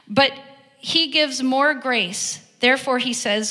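A woman preacher giving an earnest, heartfelt sermon, reading scripture and pausing often. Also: sits high, sharp tone. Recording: long hall reverb, faint music behind.

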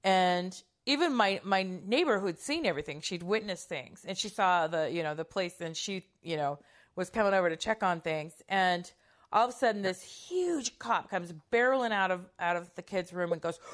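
A woman's voice: medium pitch, expressive, normal speed. A middle-aged woman telling a personal story in a casual, candid way, swearing freely and acting out quoted lines.

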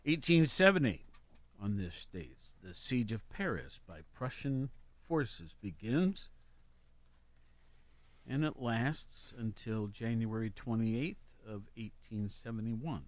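A man's voice: fairly low pitch, animated, slow pace, no echo. A man hosting a casual radio show, reading weather and history notes with chatty asides. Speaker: radio host.

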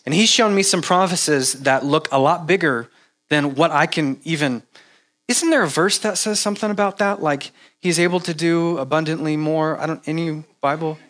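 A man preaching a casual sermon, halting with restarts and fillers, animated when he mimics repetitive prayer. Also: a little high. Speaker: pastor.

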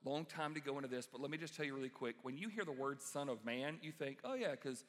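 A man preaching a sermon as pastor, animated and emphatic, acting out the voices of the people he quotes. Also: medium pitch, fast. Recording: reverberant hall.

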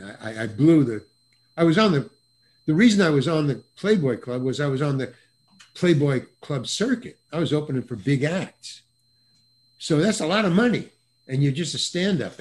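An older man, a guest actor, telling stories in casual chat over a video call, with stammering restarts and animated voices for the people he quotes. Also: mid-range voice. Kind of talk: casual anecdotal storytelling.

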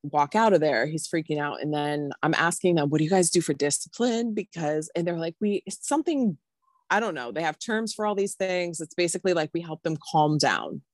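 A woman in her thirties co-hosting a podcast, telling a story in rambling casual chat with sudden high exclamations. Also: animated, brisk, no room sound. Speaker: podcast co-host.

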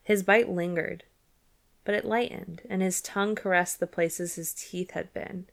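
A woman's voice: on the low side, fairly even intonation, measured pace, gravelly. A woman hosting a book club podcast, chatting casually with giggly asides and reading passages aloud.

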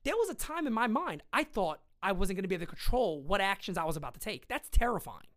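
A man co-hosting a casual sports podcast, talking in an animated way and jumping up in pitch when he gets excited. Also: fast. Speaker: podcast co-host.

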